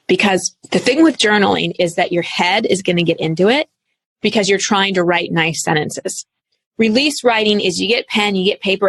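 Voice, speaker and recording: A woman in her thirties, a coach speaking as an interview guest, telling her story in an earnest, animated way with casual fillers. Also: mid-range voice, husky, no room sound. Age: 30s. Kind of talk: candid interview talk.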